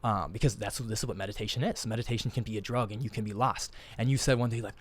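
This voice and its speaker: Fast-talking earnest male podcast host. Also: lowish voice. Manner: earnest, rambling, repeats and restarts words. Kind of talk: casual chat.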